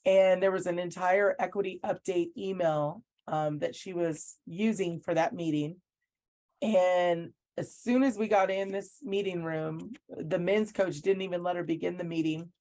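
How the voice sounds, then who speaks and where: A woman with a somewhat low voice tells her story in an interview. She speaks earnestly and acts out what other people said. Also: fairly even intonation, a little slow, mellow. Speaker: basketball coach, interview guest. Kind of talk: recounting events in an interview.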